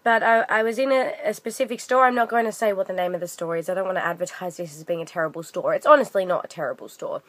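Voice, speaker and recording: A woman's voice: on the low side, fast, few pauses, fairly bright tone, dry recording. A young woman vlogger telling a story in a casual, rambling rant full of fillers and restarts.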